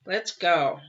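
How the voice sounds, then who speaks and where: Woman, live tarot reader, chatty and rambling, dull lo-fi sound, steady background noise. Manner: chatty, rambling, with frequent ums and restarts. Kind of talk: casual live tarot reading.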